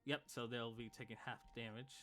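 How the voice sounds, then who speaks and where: A man's voice: mid-range voice, fairly even intonation, fairly quick, bright, forceful tone. A man narrating as game master of a tabletop game, in a casual way with fillers.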